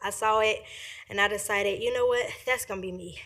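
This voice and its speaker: A young woman at a podium microphone in a meeting room, giving a public comment. She talks quickly and earnestly, with plenty of ums, and sounds grateful. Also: mid-range voice, steady tone, fairly bright tone. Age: young adult. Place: county commission meeting room.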